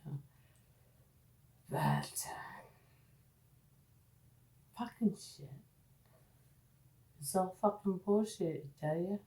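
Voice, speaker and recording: A tipsy woman vlogging at home, rambling and swearing, slipping between loud outbursts and low murmurs. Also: expressive, very slow, pauses often, roomy sound. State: tipsy from drinking. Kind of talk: rambling casual monologue. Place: at home, indoors.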